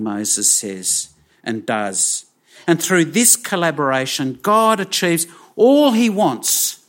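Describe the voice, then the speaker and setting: A man preaching a sermon, slow and emphatic, with dramatic pauses. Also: on the high side, sing-song, a bit bright.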